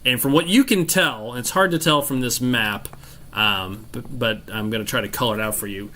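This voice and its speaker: Relaxed male game master. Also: medium pitch, moderate pace. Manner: descriptive, relaxed, many fillers. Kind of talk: narrating a tabletop game.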